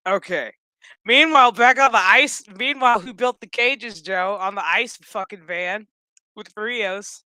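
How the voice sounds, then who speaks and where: A man's voice: sits high, measured pace, pushed and bright, clean tone, no room sound. A man giving a casual, profane episode recap with blunt opinions and exasperated, sarcastic asides. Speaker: show recap YouTuber.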